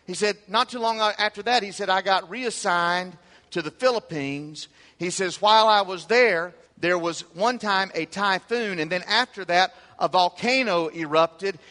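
High-voiced, bright male pastor preaching. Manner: emphatic preaching that swings between loud peaks and soft low asides. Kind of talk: sermon. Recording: hall reverb.

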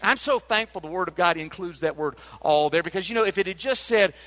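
A man preaching a sermon as pastor, fervent and emphatic, rising to near-shouting in his excitement. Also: high voice, fairly quick.

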